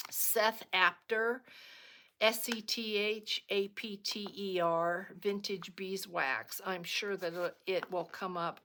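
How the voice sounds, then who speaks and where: A middle-aged woman talks through a craft project in a relaxed, rambling tutorial style, often stopping on an um or starting a sentence over. She speaks at an unhurried, slow pace, and her voice sits a little low for a woman. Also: background noise. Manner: chatty and rambling, with frequent ums and restarts. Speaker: crafting video host.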